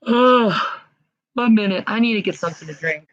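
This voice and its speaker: A woman's voice: medium pitch, racing, lo-fi sound. A woman chatting casually on a livestream, rambling, sighing and swearing often, out of breath.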